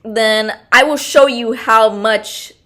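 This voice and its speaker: Bright, bubbly young woman podcaster. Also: fairly high pitch, fairly even intonation, slow. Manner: chatty, bubbly, full of "like" fillers; frank and fired-up, with frequent laughter. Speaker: podcast host. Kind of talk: casual podcast monologue.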